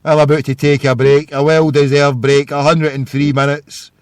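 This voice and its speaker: A man's voice: on the high side, level tone, moderate pace, smooth, no room sound, clean studio sound. A Scottish man hosting a live internet radio call-in show, ranting and hurling insults in a rambling way.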